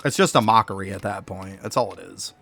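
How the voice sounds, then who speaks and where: A man's voice: sits low, fairly quick, gravelly, pushed and bright. Blunt, foul-mouthed streamer man. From New York State, US. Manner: blunt, profane, rambling rants. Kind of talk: casual live-stream chat with viewers.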